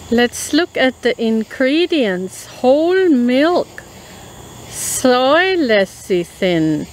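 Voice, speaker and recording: A woman, chatting casually as a food review vlogger and slowly reading a product label aloud. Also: mid-range voice, a little hiss or hum, rough recording. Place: outdoors in a rural yard at night.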